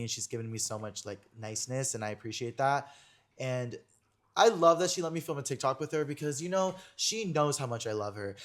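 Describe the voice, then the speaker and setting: A young man hosts a podcast in loose, casual chat, talking very fast at an ordinary middle pitch. He rambles from point to point, filling his speech with fillers and online slang. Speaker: podcast host.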